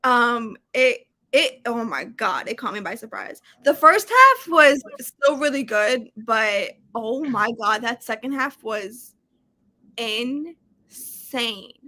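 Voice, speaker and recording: A young woman with a high, bright voice, a guest on a casual livestream book discussion. She gushes emphatically. The sound is dry and close. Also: very animated, takes it slowly, no room sound. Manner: gushing and emphatic. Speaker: booktube guest.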